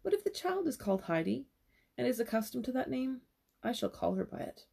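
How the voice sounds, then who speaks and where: A woman's voice: on the high side, big pitch swings, a little fast, creaky, dark tone, slightly rough, voice pushed up, exaggerated voice. A woman voicing a kind old grandmother. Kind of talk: storybook reading.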